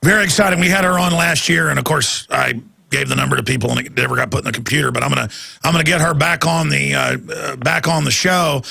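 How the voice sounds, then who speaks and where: A man hosting a talk radio show, emphatic and energetic, with a gravelly, raspy voice. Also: on the high side, fast talker.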